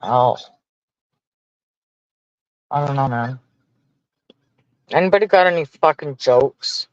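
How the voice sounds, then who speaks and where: A man's voice: medium pitch, slow pace, dry recording, dull audio. A man venting casually to his stream viewers, profane and exasperated as he rants. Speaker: livestreamer talking to chat.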